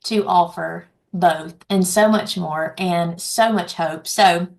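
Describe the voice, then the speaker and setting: A woman's voice: lowish voice, takes it slowly, creaky, darkish tone. Bubbly, emphatic woman hosting an event. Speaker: host of community event. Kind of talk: enthusiastic live event hosting.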